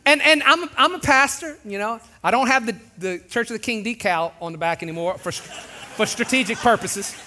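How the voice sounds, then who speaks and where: A pastor preaches in a large church. His voice sits high and bright, and he keeps it animated, joking and acting out little voices as he goes. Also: fairly quick, slight background noise. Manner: animated, jokey, acts out voices. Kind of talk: sermon.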